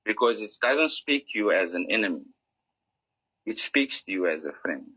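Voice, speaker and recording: Deep husky man explaining earnestly. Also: lively intonation, moderate pace, sharp tone, low-quality recording. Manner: earnest, explanatory, acts out inner voices. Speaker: author guest. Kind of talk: interview answer, teaching.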